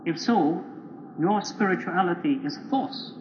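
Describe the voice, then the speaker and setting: High-voiced, blunt man preaching. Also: measured pace. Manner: blunt, rhetorical, acts out imagined listeners. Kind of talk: sermon. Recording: dull lo-fi recording, faint noise.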